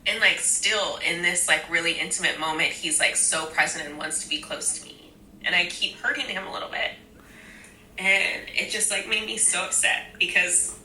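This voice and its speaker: Woman, low pitch, tense bright edge, hesitant and emotional, roomy. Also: moderate pace, slight background noise. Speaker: reality show participant. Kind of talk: confessional interview.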